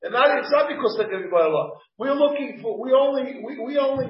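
A man's voice: very high voice, lively intonation, fast. A man, a rabbi, leading a Talmud class, reading the text aloud and explaining it phrase by phrase. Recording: dull, echoey room from a distant mic.

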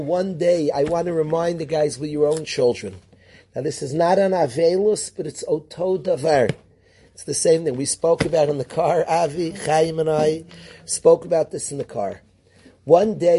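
Animated man teaching a class. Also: fairly high pitch, slight background noise. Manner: animated, calls on students by name; mixes Hebrew and Yiddish terms into English. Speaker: yeshiva teacher. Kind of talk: classroom lecture.

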